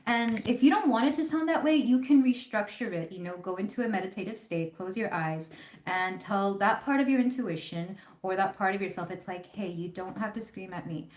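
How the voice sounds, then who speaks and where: A woman's voice: mid-range voice, brisk. A woman hosting a live tarot reading, chatting casually and rambling with fillers. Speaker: tarot reader hosting a livestream. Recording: roomy echo.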